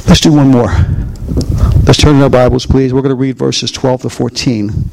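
A man preaching a chatty, conversational sermon as pastor in a church, swinging into high voices for quotes and asides. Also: normal speed, creaky, slightly rough. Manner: animated, chatty, jumps to high voice for quotes and jokes. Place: church sanctuary.

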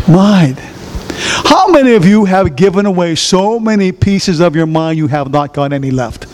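A man preaching a sermon who quizzes his congregation with fill-in-the-blank questions and breaks into shouts. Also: high-pitched, moderate pace, noisy background. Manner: animated, bursts into shouts.

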